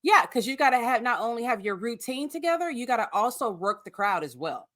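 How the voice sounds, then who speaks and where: A woman talks bluntly in casual chat, her pitch swinging widely as she reacts, and she swears freely. The sound is close and dry. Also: sing-song, brisk, a bit bright, no room sound. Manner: blunt, swears, laughs often. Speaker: podcast co-host.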